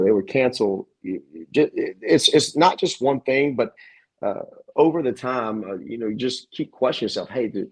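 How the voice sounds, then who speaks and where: Gym owner guest, male, low and husky, earnest and reflective, halting delivery. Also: a little mellow. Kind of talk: casual interview conversation.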